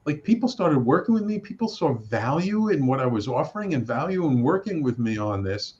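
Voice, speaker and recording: A middle-aged man, a radio network producer and host, telling his story in a casual interview, animated and acting out the voices he quotes, with many restarts. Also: medium pitch, fairly quick. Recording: slightly dull lo-fi sound.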